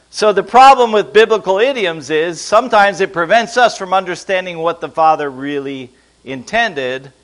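A man's voice: fairly high pitch, fairly bright tone. Upbeat guy giving a sermon, voice jumps all over, teasing the crowd with questions. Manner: playful, quizzes the crowd. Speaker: pastor teaching a congregation. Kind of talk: lively sermon to a live audience.

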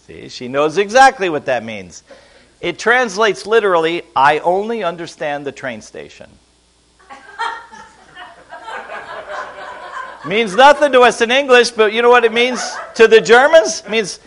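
A man's voice: high-pitched, big pitch swings, a little slow, pauses often, a bit bright. Upbeat guy giving a sermon, voice jumps all over, teasing the crowd with questions. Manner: playful, quizzes the crowd. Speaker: pastor teaching a congregation. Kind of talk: lively sermon to a live audience.

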